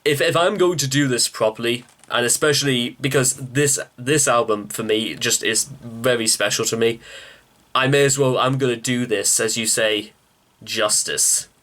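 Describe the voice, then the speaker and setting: A man hosting a music reaction video, talking in halting bursts with many restarts while he searches for words and addresses viewers as ladies and gentlemen. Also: medium pitch.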